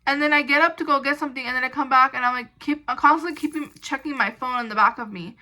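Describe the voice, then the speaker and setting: A woman's voice: high-pitched, fast talker, sharp tone, rough recording. A young woman telling a storytime vlog in a casual, rambling way, full of "like" and restarts, indignant as she recounts. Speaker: storytime vlogger.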